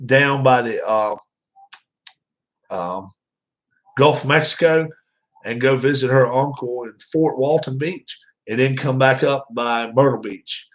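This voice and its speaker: A man talks casually to his viewers at a middling pitch, rambling and restarting his sentences. The recording sounds dull and lo-fi. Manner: rambling, with many fillers and restarts. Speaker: vlogger.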